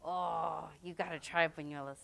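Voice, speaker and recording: A woman's voice: sits low, fairly even intonation, normal speed, gravelly, a bit bright. A middle-aged mother speaking casually and sentimentally at a public question-and-answer talk, with chatty asides. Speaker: mother and business co-founder.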